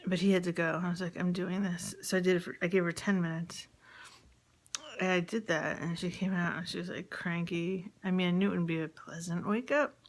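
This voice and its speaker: A woman's voice: on the low side, steady tone, a little fast. A woman casually recounting her day in a spoken diary for her partner, hesitant and full of fillers, often dropping into a whisper. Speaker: mother recording a message to her partner.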